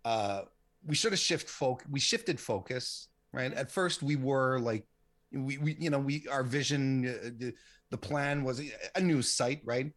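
A man in his late forties who runs a women's wrestling site answers interview questions casually, his mid-range voice fairly bright. He rambles, restarting often and using lots of fillers.

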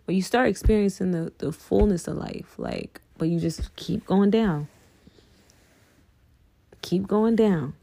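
Woman, gravelly low voice, casual spiritual talk, earnest, swears freely, dry close sound. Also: very animated, unhurried, long pauses, dark tone, no echo. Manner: earnest, profane, addresses listeners as y'all. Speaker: podcast host.

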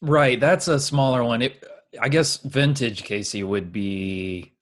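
A man co-hosting a podcast talks at a medium pitch and a slow pace. He keeps the casual chat playful and teasing, laughing frequently.

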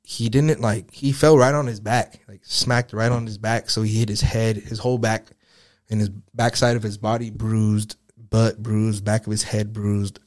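A man's voice: lowish voice, little pitch movement, moderate pace, darkish tone. A young man telling a personal story in a casual podcast chat, rambling and profane, full of filler words. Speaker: guest.

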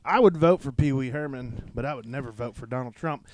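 A man's voice: medium pitch, a little fast, no room sound. A young man co-hosting a casual podcast, goofy and playful, often breaking into silly voices. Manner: goofy, jumps into loud silly voices and shouts. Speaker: podcast co-host. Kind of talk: casual chat.

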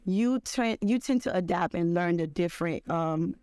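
A young adult American woman, an Army veteran, telling lively stories in a casual interview and acting out the people she quotes. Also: lowish voice, moderate pace, smooth, no echo. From United States. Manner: animated, laughing storyteller who acts out quotes.

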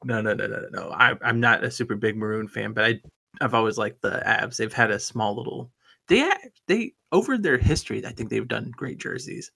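A man's voice: on the low side, animated, fairly quick, creaky, pushed and bright. A man co-hosting a casual sports chat, rambling and enthusiastic with lots of stammered restarts. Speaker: podcast co-host.

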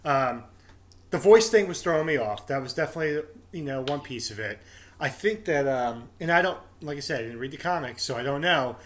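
A man's voice: mid-range voice, lively intonation, a little fast. A man in a casual movie chat, talking hesitantly with ums and self-corrections. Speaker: podcast co-host.

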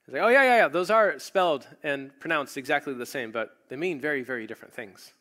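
A man's voice: on the high side, fast, pushed and bright. A man preaching a sermon, retelling a story and acting out the quoted voices. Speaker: pastor.

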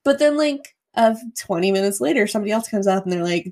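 A young woman co-hosting a podcast, telling a story in a casual, profane, animated way full of "like". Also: medium pitch, brisk. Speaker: podcast co-host.

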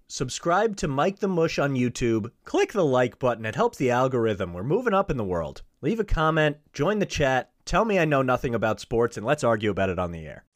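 A man's voice: on the high side, no echo, studio quality. A man hosting a podcast alone, talking in a rambling, jokey way and jumping from tangent to tangent. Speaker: podcast host. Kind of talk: solo podcast monologue.

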